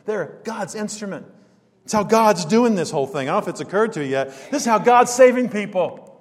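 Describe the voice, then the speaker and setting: A male preacher with a high, ringing voice delivers an emphatic sermon. He asks rhetorical questions, quotes scripture and chuckles at his stories. A long reverb trails him through the church hall.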